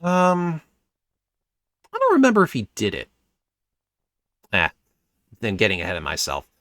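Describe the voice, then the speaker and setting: A man's voice: lowish voice, huge pitch swings, measured pace, a bit bright, no echo, studio quality. A man streaming a game, chatting casually and thinking aloud.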